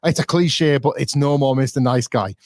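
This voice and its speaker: A man's voice: medium pitch, normal speed, no echo, lightly acted. A man putting on a brash, defiant male wrestling star who insists, riled up, during a promo.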